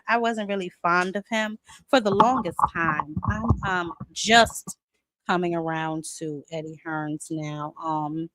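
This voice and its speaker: A woman's voice: medium pitch, sharp tone, dry recording, rough recording. Sassy, chatty woman boxing host. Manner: sassy and chatty, sprinkles in "honey" and "child"; greets viewers by name as she talks. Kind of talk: casual live-stream chat.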